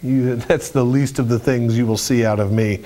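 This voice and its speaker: A man voicing a calm, gentle male teacher who speaks low and quietly with a teasing warmth. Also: moderate pace, lightly acted.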